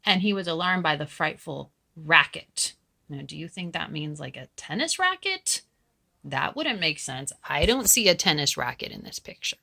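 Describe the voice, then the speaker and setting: Expressive, creaky-voiced woman teacher reading aloud. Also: deep voice. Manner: gentle, encouraging teacher talk. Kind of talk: reading aloud to children, with vocabulary lessons.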